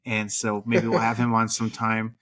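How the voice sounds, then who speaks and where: A man's voice: fairly low pitch, moderate pace. Man, podcast host, casual chat, rambling, lots of fillers. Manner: relaxed, rambling with many fillers.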